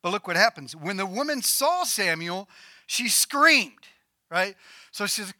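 A man preaching a sermon, retelling a scripture story with animated, playful asides. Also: high voice, unhurried, dry recording, clean studio sound. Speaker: pastor.

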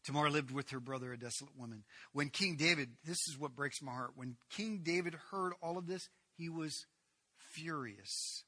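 Intense preacher with a sharp voice. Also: male voice, fairly high pitch, normal speed, no echo. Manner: dramatic swings from hushed to loud. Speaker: pastor. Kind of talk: sermon.

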